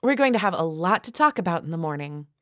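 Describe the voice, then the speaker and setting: A woman's voice: lowish voice, sing-song, fast talker, dry recording, studio quality. A woman voicing a domineering young woman who leads a cruel sorority, in an audiobook reading. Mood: commanding. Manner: contemptuous, commanding. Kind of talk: audiobook character voice.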